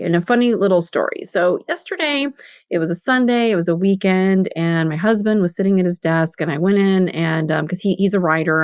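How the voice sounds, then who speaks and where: A woman's voice: lowish voice, clear, resonant tone, no echo. A woman in her fifties hosting her own podcast, telling a candid story in a chatty way with lots of "you know". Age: 50s. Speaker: podcast host and business coach. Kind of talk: casual solo podcast storytelling.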